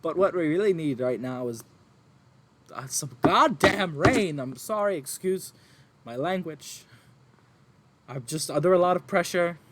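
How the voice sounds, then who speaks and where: A man's voice: animated, a little slow, pauses often, fairly bright tone, slight background noise. A man voicing an emotional, flustered middle-aged farm mother who rambles and stammers through her troubles. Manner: flustered, tearful rambling with high squeaky jumps. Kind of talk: tabletop role-play character voice.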